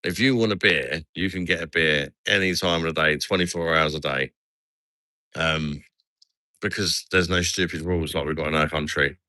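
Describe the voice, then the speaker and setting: Chatty English man, low and bright. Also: fairly even intonation, moderate pace, dry recording. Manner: chatty, says "mate" a lot. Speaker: livestream host. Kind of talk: casual livestream chat. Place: outdoors at night in a resort town.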